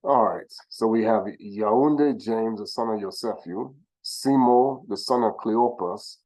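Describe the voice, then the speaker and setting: Low-voiced man teaching scripture. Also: a little mellow, poor audio. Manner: sounds out names slowly, with self-corrections; asks the listener rhetorical questions. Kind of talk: informal religious teaching.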